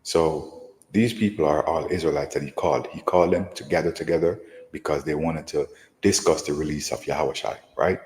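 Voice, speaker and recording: A man's voice: extremely low pitch, steady tone, brisk, a little mellow, long reverb tail, low-quality recording. A man teaching from scripture in an emphatic, repetitive way, often asking "right?". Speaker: preacher. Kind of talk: scripture lesson.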